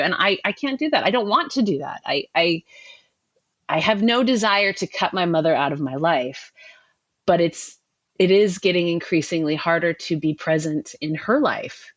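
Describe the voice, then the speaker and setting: A middle-aged woman telling a painful personal story with emotion, pausing and restarting often. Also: medium pitch, no echo, lo-fi sound. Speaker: guest sharing her story. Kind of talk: personal testimony.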